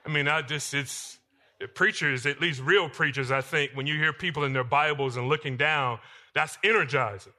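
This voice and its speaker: A male pastor preaching a sermon in a church, swinging between loud emphatic lines and quiet asides. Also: a little high, normal speed. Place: church sanctuary.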